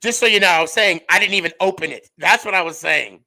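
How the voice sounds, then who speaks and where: A middle-aged man hosts a podcast in casual chat, telling stories with big swings in loudness and pitch. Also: fast, poor audio. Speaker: podcast host.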